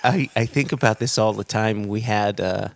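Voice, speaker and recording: A man's voice: fairly low pitch, normal speed, gravelly. A man from the US co-hosting a casual podcast, rambling and self-deprecating, laughing often between thoughts. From United States. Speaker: podcast co-host.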